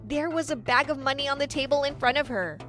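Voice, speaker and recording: A woman narrates a first-person story in an earnest, dramatic manner, speaking fast in a high voice while soft music plays underneath.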